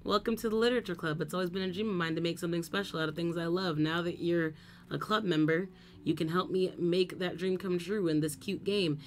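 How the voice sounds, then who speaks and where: A woman voicing a cheerful young female club leader from a game, reading her welcome quickly and softly. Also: on the low side, fairly even intonation, a little hiss or hum, natural voice. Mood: sweet.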